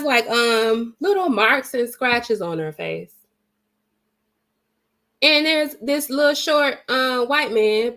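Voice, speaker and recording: A woman's voice: fairly high pitch, fairly bright tone. A woman vlogger telling a story in a casual, blunt and emphatic way, swearing freely and retelling it dramatically.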